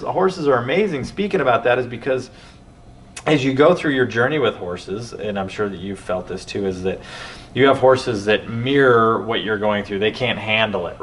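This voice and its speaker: A man hosting a podcast, telling stories in a rambling, animated way with many restarts. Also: lowish voice. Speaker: podcast host. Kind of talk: casual conversation. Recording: distant mic with faint background noise.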